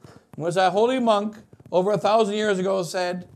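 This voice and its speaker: A bishop delivers a wedding sermon in a high-pitched voice. He preaches with wide swings, pushing some lines out loud and dropping others to a near hush. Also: fairly even intonation, normal speed. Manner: preaching with wide swings between loud emphasis and quiet asides.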